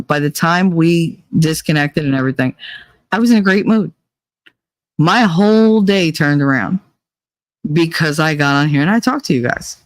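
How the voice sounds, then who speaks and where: A woman's voice: low-pitched, no room sound. A woman hosts a live show, talking to her listeners in a loose, confessional way. She swings into blunt, foul-mouthed sarcasm. Her voice is close and dry, with no room sound. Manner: profane, sarcastic ranting; candid and confessional. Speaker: podcast host. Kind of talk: casual chat to a live audience.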